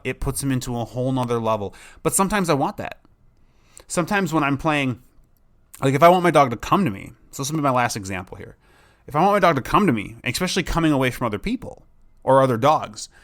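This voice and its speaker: Hosting a solo dog training podcast, a man talks casually and with enthusiasm, rambling and often restarting his sentences. His voice is medium in pitch and a bit bright.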